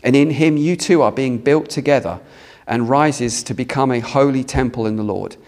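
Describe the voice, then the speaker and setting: A man's voice: medium pitch, normal speed, a little mellow. Man from Britain, pastor, sermon to a congregation, conversational, asks questions. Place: church hall with a congregation.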